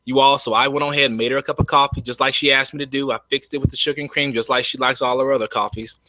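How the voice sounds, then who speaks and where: A man giving an enthusiastic, folksy webinar sales pitch from home, often saying "you all". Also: steady tone, racing, bright, forceful tone, dry recording. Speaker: network marketing presenter. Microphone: webcam.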